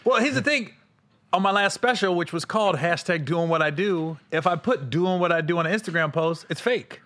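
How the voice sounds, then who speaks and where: A man's voice: high voice, a little fast. A man from Cincinnati hosting a podcast, telling stories in a casual comedic chat and acting out quotes. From Cincinnati, USA. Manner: animated storyteller, acts out quotes. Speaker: podcast host.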